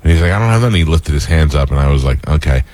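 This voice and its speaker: Man, very low voice, dry close sound, casual storytelling. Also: very fast, no room sound. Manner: laughing, animated anecdotes.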